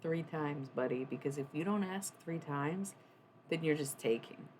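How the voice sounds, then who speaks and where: Chatty low-voiced woman streamer. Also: unhurried, darkish tone, slight background noise. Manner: chatty, rambling, swears casually. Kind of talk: casual chat on a livestream.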